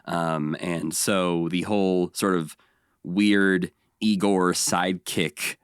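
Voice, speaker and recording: Podcast co-host, male, lowish voice, lively recapper, dry close mic. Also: clear, resonant tone, dry recording. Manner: recaps episodes animatedly, slipping into quick character voices. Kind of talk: casual podcast chat.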